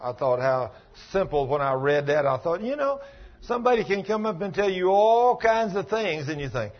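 Husky-voiced preacher man, lo-fi. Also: high-pitched, sing-song, moderate pace, faint music behind. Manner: folksy storytelling, plain-spoken, emphatic. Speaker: pastor. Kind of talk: sermon.

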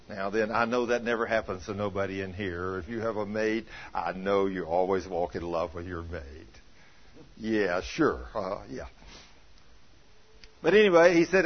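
A man preaching, telling a homespun story to his congregation, teasing them, dropping to a murmur and then rising to excited exclamations. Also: on the low side, normal speed. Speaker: pastor. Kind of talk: folksy storytelling sermon. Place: church sanctuary. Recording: muffled lo-fi church recording.

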